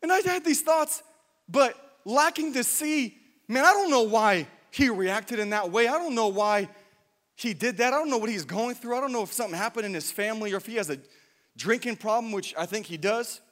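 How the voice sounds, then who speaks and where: This pastor's very high voice moves fairly quickly as he tells a joke-filled story, constantly interrupting himself, then shifts into exhortation. He sounds animated and playful, and the hall adds a long reverb.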